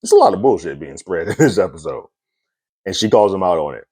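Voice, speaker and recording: Man, low pitch, dead-dry recording, casual review, relaxed and chatty. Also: quick pace, breathy edge, dry recording. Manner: loose and conversational, frequent fillers and little laughs. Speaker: TV episode reviewer.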